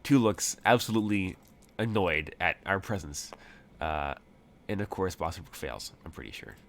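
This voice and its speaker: A man's voice: deep voice, animated, moderate pace, creaky, a bit bright, slight background noise. A man running a tabletop game as game master, narrating in a rambling, hesitant way full of fillers.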